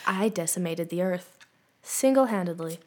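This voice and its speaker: A woman co-hosting a podcast, making dry, deadpan jokes in casual chat. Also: lowish voice, moderate pace. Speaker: podcast co-host. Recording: loud background noise.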